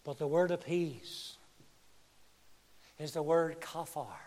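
High-voiced preacher in an echoing hall. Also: male voice, slow pace. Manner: impassioned, swinging between hushed and loud. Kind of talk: sermon. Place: church. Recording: reverberant church hall.

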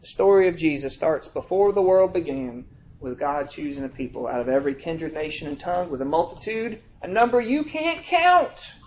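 A man preaching a sermon in a conversational way, checking in with his listeners and reading scripture slowly with heavy emphasis. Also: a little high, very animated, darkish tone, slight background noise. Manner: reads scripture aloud in slow, drawn-out emphasis; conversational, checks in with "all right?".

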